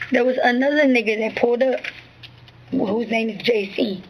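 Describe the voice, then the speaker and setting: A woman's voice: fairly high pitch, normal speed, a little hiss or hum, rough recording. Rambling slangy woman telling a story. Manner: rambling, repeats "you know what I'm saying"; street slang, swearing. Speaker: witness giving a statement. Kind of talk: recounting events to an interviewer.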